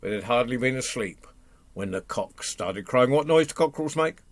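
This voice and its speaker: Man, family storyteller, animated, audience questions, mid pitch, dry close sound. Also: moderate pace, no echo. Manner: animated, asks the audience, makes animal noises. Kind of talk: oral folk-tale telling for families. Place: home, online session.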